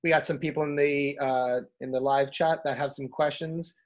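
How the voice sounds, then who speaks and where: A man's voice: on the high side, steady tone, normal speed. A man co-hosting a casual podcast, laid-back and joking. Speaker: podcast co-host.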